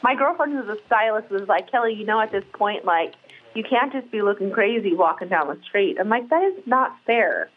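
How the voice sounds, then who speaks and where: A woman's voice: medium pitch, expressive, fairly quick. Chatty woman on a dull lo-fi line. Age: middle-aged. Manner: candid, chatty, many fillers and restarts. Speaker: interview guest, brow artist. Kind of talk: casual podcast conversation.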